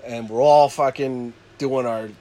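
A man casually telling a rowdy story with lots of swearing, shouting out the lines he quotes. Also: medium pitch, a little slow. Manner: animated, swearing, loud acted-out quotes. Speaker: podcast co-host telling a story.

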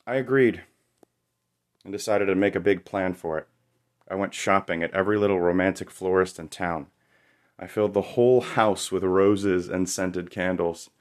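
Deep-voiced man telling his own story. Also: fairly even intonation, normal speed. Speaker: narrator. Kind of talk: first-person memoir storytelling.

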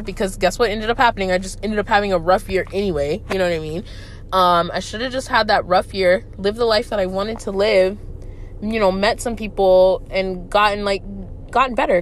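A woman's voice: medium pitch, slight background noise. A woman in her twenties hosting a solo podcast, reflecting candidly and emotionally, swearing freely with plenty of fillers. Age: 20s. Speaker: podcast host.

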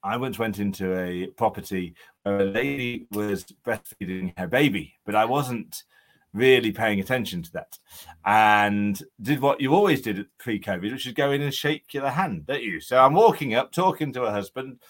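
A man's voice: fairly low pitch, moderate pace. A man, an estate agent co-hosting a casual podcast chat, telling jovial self-deprecating stories with plenty of ums.

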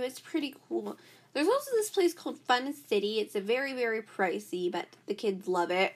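With a high, fairly bright voice, this podcast host delivers a casual monologue on her show. Her talk is chatty and valley-girl flavored, packed with "like."

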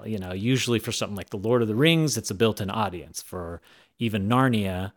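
A man being interviewed as an author, telling stories casually in a rambling, animated way with frequent restarts. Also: on the low side, a little fast. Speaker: author guest.

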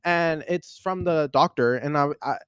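A man in his twenties hosting a podcast, telling a personal story in a casual, animated, rambling way with lots of fillers. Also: on the high side, unhurried, smooth, no echo, clean studio sound. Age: 20s. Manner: animated, rambling, heavy use of "like". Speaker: podcast host.

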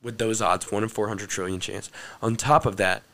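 A young man hosting a podcast, telling a personal faith testimony in an earnest, excited way, breaking into laughter at times. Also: lowish voice, moderate pace, gravelly. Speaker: podcast host.

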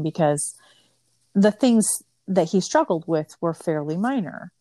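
A woman's voice: lowish voice, animated, unhurried, dark tone, dry recording. A middle-aged woman, a mother and podcast guest, telling family stories in casual conversation, chatty and full of "like" fillers. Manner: chatty, storytelling with many "like" fillers.

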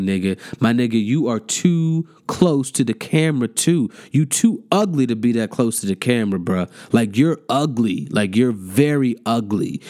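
A man's voice: mid-range voice, a little mellow. Heated, mocking man ranting. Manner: heated, profane, mocking, repetitive. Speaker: podcast host. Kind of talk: casual rant.

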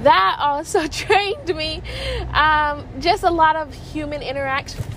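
A young woman with a high voice tells stories for her vlog. She is chatty and excitable and leans on lots of fillers. Faint noise sits behind her voice. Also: measured pace, rough recording. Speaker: vlogger. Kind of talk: casual vlog storytelling.

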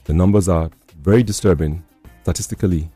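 A man hosting a radio health talk show, speaking in a measured way and often repeating and summing up his guest's points. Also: low-pitched, warm tone, husky, soft background music. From Nigeria. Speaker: radio host.

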